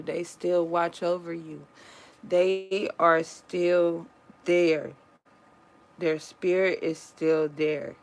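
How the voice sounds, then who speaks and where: A woman talking casually to her viewers in an earnest, comforting and reflective way, pausing often and restarting her sentences. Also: lowish voice, rough recording. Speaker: vlogger sharing a personal story.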